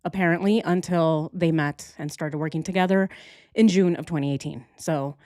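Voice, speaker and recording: A woman's voice: low voice, steady tone, normal speed, a little mellow, dry recording, studio quality. A woman hosting a casual livestream, joking with her chat and thinking aloud as she works through a timeline. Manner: playful, jokey, addresses chat directly. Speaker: true crime livestream host.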